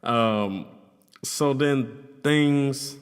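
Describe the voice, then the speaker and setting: A young man tells a personal story in a loose, slangy way, swearing and filling gaps with "like" and "you know". His voice sits at an ordinary middle pitch. A long reverb trails behind every phrase, as if he were recording in a big, bare room. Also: very slow, clean tone. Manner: loose, slangy and profane, with frequent fillers. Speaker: YouTuber telling a personal story. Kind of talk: casual storytelling.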